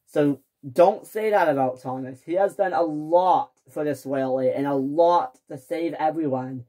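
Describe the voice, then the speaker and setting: A woman's voice: low-pitched, unhurried, mellow. A woman voicing a strict middle-aged male railway controller in a toy train story, scolding in firm, clipped orders. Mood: stern.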